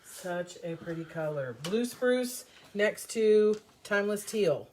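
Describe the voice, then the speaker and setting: A middle-aged woman hosting a casual live stream, chatty and upbeat, a little hoarse while getting over an illness. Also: medium pitch, lively intonation, takes it slowly, darkish tone, slight background noise. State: recovering from covid, slightly hoarse. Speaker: host of a live paint demo.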